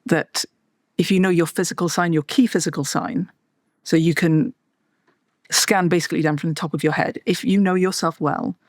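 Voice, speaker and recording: A woman's voice: on the low side, steady tone, moderate pace, dry recording. A woman talks through her points thoughtfully on a podcast, walking through ideas step by step with a wry, self-deprecating humour. The sound is close and dry, with no room in it. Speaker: podcast guest, psychologist. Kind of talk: conversational explanation.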